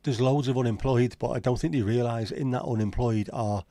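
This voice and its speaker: This Liverpool-accented livestream host talks briskly in a mellow, steady mid-range voice with no room sound. The chat is casual, and he rambles on, opinionated and swearing a lot.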